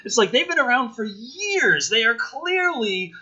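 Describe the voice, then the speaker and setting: A man's voice: extremely high pitch, very animated, unhurried, sharp tone. A man hosting a casual livestream chat, with a slight Southern US accent, ranting emphatically and swearing freely. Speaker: podcast host. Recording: dull lo-fi mic.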